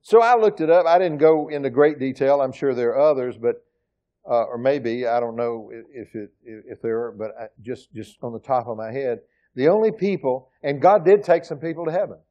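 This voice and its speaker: A middle-aged man preaching a sermon as pastor, emphatic, swinging from loud exclamations to quiet asides. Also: medium pitch, fairly quick, lo-fi sound. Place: church sanctuary.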